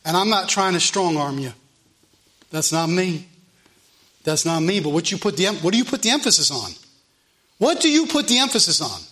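A man preaching as pastor, loud and animated, repeating his phrases. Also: sits high, normal speed, long pauses. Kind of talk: sermon.

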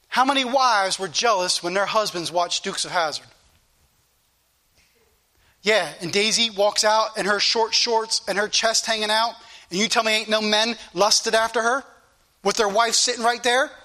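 High, bright-voiced impassioned male preacher. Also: moderate pace, pauses often. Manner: impassioned pulpit preaching, rising and falling. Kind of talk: fervent sermon. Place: church.

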